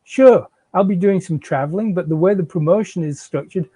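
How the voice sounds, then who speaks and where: A man's voice: high voice, brisk, mellow, slightly rough, no echo. A man reading the part of a defensive, out-of-work young father who stammers and pleads with his wife. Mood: pleading. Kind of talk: live fiction reading.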